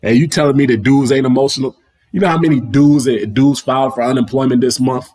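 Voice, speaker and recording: A man's voice: medium pitch, fairly even intonation, fast, a little mellow. A young adult man hosting a livestream, talking in a loose, slangy rant that keeps circling back over the same points. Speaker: livestream host. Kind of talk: casual ranting monologue. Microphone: livestream mic.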